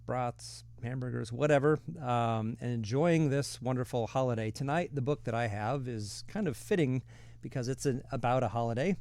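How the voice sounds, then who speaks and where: A man's voice: mid-range voice, darkish tone, no echo. A man from the Midwest hosting a weekly online reading, chatting casually before he starts, rambling with fillers and restarts. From American Midwest.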